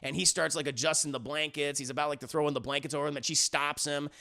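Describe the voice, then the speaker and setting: A young man tells the story in an energetic comedic recap and slips into voices for each character. His voice sits high and sounds bright. A gravelly edge runs through his talk. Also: fast. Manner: energetic, acts out characters' lines, shouting at peaks. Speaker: music reviewer.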